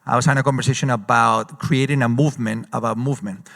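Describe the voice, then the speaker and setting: A man speaks as an executive guest on a conference stage. He tells stories in lively, quick bursts full of "uh" fillers, at an everyday middle pitch. His voice rings with the long reverb of a big hall. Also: gravelly. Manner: animated storyteller, quick bursts with frequent uh fillers. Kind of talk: live on-stage conference interview.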